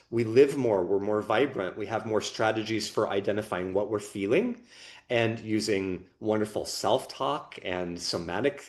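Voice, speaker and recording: A man co-hosting a podcast, talking expansively about performance training and emotions in a relaxed conversational way. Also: fairly low pitch. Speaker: podcast co-host.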